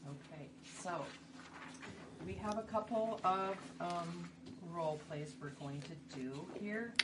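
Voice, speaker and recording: A woman's voice: on the low side, slow pace. A woman presenting a workshop in a conversational style, often tossing in rhetorical questions. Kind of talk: instructional talk. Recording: distant mic, noisy room.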